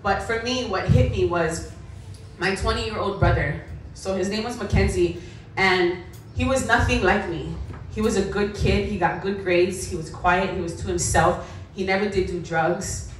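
A woman's voice: mid-range voice, normal speed, recorded from a distance, slight background noise. Blunt woman speaking in an echoey hall. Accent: Hawaiian. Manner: blunt, raw storytelling. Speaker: motivational speaker. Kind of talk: school assembly talk. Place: school gym or hall.

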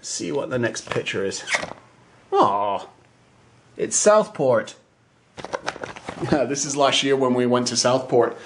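Driving through town traffic, a man vlogs casually in a mid-range, expressive voice, speaking slowly and pausing often. He rambles with lots of fillers and self-corrections as car and traffic noise sounds behind him.

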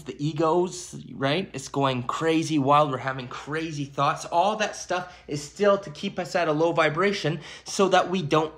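Speaking at medium pitch with a touch of brightness, this man addresses his channel's viewers in a forceful, sermonizing spiritual talk, frequently dropping in "okay" and "my friends."

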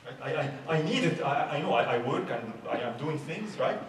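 A man's voice: mid-range voice, animated, normal speed. Middle-aged male speaker, chatty youth talk full of questions; distant mic, noisy hall. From Egypt. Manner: conversational, asks many rhetorical questions. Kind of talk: informal religious talk. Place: large hall at a religious youth event. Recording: echoey hall, far from mic, background noise.

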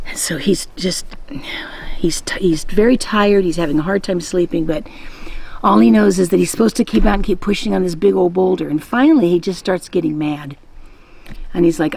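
A woman hosting a devotional podcast, telling a faith story in a gentle, conversational way. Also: lowish voice, moderate pace, creaky, husky. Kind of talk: devotional Bible teaching.

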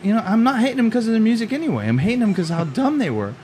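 A man's voice: high voice, very fast, a little hiss or hum. A young adult man co-hosting a casual podcast, swearing freely and acting out quotes as he tells stories. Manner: profane, animated storytelling with acted-out quotes. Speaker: podcast co-host. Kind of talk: casual chat.

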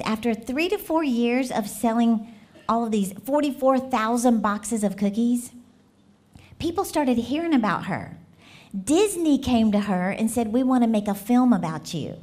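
A woman gives a church message, and her voice sits a little high. She tells stories with animated energy, breaks into laughter and puts questions to the congregation. She speaks as a guest preacher at the front of a church. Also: unhurried. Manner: lively, laughing, animated storyteller who asks the crowd questions.

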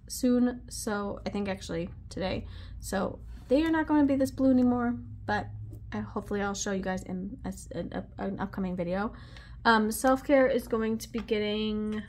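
A woman's voice: mid-range voice, a little mellow, a little hiss or hum. A woman vlogging at her desk at home, chatting casually while counting cash aloud under her breath with little asides. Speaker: budgeting vlogger.

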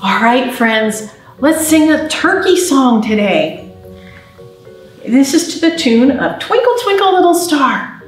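A woman's voice: high voice, big pitch swings, takes it slowly, soft background music. A woman librarian reading a picture book aloud and teaching signs to babies and parents, in a sing-song storytime manner. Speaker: children's librarian. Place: library, roomy space. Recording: very echoey room, mic at a distance.

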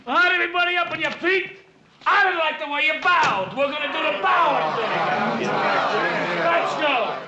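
An actor playing a bossy young gangster barking orders in a 1960s film. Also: male voice, very high voice, moderate pace, pushed and bright, muffled recording, some chatter behind, slight background noise, full character voice.

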